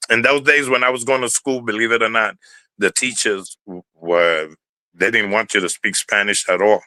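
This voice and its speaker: A man's voice: on the low side, steady tone, normal speed, pushed and bright, no room sound, rough recording. An older man with a New York Puerto Rican accent, telling stories in a rambling interview, repeating words and swearing freely. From Bronx, New York. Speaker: interview guest, former dancer. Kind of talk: casual storytelling interview.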